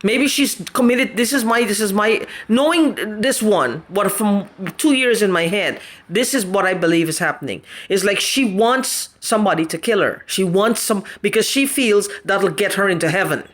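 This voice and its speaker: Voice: mid-range voice, moderate pace, few pauses, a bit bright. A vlogger in an agitated personal rant. The talk is angry and rambling, full of repeated questions and swearing.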